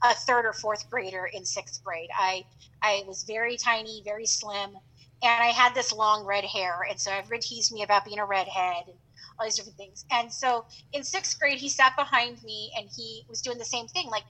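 A middle-aged woman telling a long story in casual chat, animated and acting out the voices of the people in it. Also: on the high side, moderate pace, poor audio. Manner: animated, acts out quoted voices.

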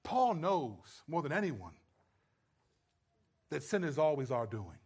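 A man preaching a sermon and teaching from scripture, lively and humorous, acting out imagined dialogue. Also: a little high, slow pace, breathy edge. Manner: animated, acts out quoted voices with humor.

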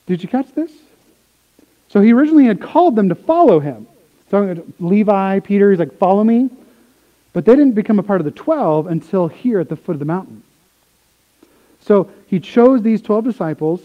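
A man preaching a sermon, swinging from quiet explanation to excited retellings of the crowd. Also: sits high, narrow, tinny audio. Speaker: pastor.

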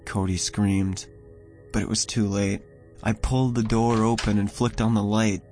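A man narrating a first-person horror story in a measured, somber way. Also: fairly low pitch, level tone. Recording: voice over soft music.

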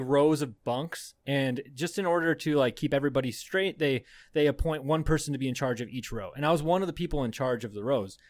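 A man's voice: mid-range voice, no echo. A young adult man, a podcast co-host, telling a rambling story in casual chat, swearing often and laughing as he goes.

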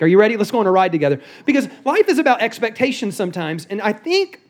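A middle-aged man preaching from a church stage, his voice high for a man. He keeps a loose, joking, conversational manner with the congregation. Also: sing-song, fast, few pauses. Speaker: guest pastor. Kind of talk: sermon. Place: church sanctuary.

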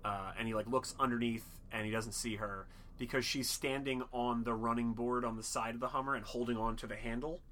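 Man, bright tone, casual movie chat, swears a lot, rambling retelling. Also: mid-range voice, fairly even intonation, fairly quick, hardly any pauses. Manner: rambling, profane, acts out characters in jokey voices. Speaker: podcast co-host.

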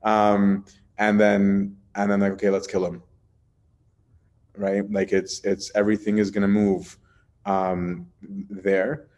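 A man's voice: on the low side, completely flat delivery, takes it slowly, darkish tone. A man teaching a Bible study in a casual, chatty way, often asking "right?" and using plenty of fillers.

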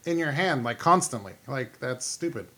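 A man's voice: medium pitch, expressive, moderate pace, pushed and bright. A man co-hosting a casual podcast chat, making blunt, dismissive remarks. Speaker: podcast co-host.

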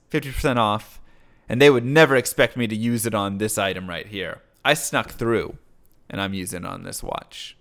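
Male presenter with a bright, lively voice, explaining and acting out shoppers' thoughts. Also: mid-range voice. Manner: acts out shoppers' thoughts in quoted asides; mentions his own book. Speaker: speaker explaining pricing psychology. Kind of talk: animated explanatory talk.

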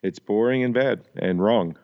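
A man's voice: on the low side, moderate pace. A man co-hosting a podcast in casual chat, grumbling and sarcastic. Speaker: podcast co-host. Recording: dull lo-fi audio.

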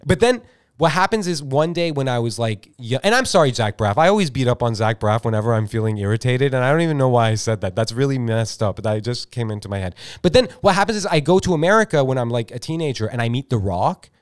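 A man's voice: mid-range voice, lively intonation, fast talker, clear, resonant tone. A man co-hosting a podcast, improvising a comic story in a rambling, filler-heavy, self-interrupting way. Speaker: podcast co-host.

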